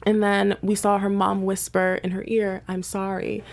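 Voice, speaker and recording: A woman hosting a TV recap in casual chat, animated, leading the talk and asking her co-host questions. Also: mid-range voice, normal speed, vocal fry.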